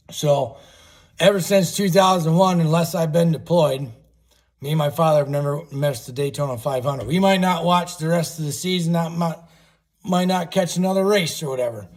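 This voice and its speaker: Male livestream host, husky, folksy rambler, casual cursing. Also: fairly high pitch, darkish tone.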